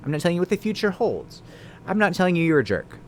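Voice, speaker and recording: A man's voice: high voice, big pitch swings, fast talker, slight background noise. A man, a lawyer, explaining the law in a casual video, talking conversationally with tag questions and dry sarcastic asides.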